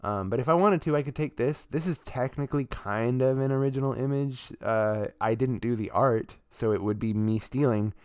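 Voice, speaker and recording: A man's voice: mid-range voice, moderate pace, hardly any pauses, a little mellow, clear, resonant tone, no room sound, studio quality. A man streaming live and chatting casually as he shows things on screen. He rambles with lots of fillers and restarts and swears offhandedly. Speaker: streamer and artist.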